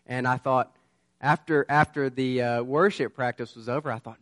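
A man's voice: mid-range voice, normal speed, no room sound. Earnest preacher man, dry sound. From southern United States. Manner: earnest, conversational storytelling that builds to urgent warnings. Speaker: pastor. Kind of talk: sermon with personal storytelling.

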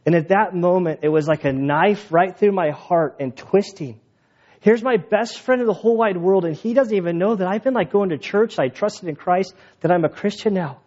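A man's voice: on the high side, fairly quick, darkish tone. A man in his thirties, a pastor preaching a sermon as a casual personal story, full of fillers like "like" and "I mean". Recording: dull lo-fi sound.

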